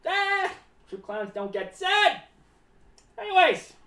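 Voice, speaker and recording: Zany clown, played by a woman, high and bouncy, rambles about himself in the third person, roomy sound. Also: sing-song, takes it slowly, a bit bright, distant mic, heavily acted. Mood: rambling. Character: rambling eccentric clown, paranoid about cats. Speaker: streamer in clown character. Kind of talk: live-stream clown character monologue. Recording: echoey room, voice away from the mic.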